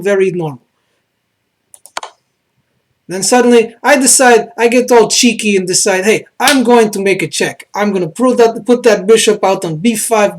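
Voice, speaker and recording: A man with a put-on Croatian accent that sounds Russian, talking through his own chess game casually, hesitant and full of filler sounds as he often corrects himself. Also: sits high.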